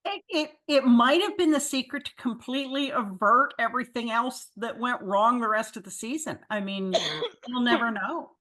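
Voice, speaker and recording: A woman's voice: fairly high pitch, normal speed, fairly bright tone. A woman moderating a fan panel on a video call, calling on speakers and adding wry opinions of her own. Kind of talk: casual video-call chat.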